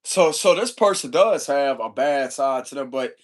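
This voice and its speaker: A man's voice: mid-range voice, animated, moderate pace. A man giving a casual tarot reading in loose, profane, slangy chat, chuckling often. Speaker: tarot reader.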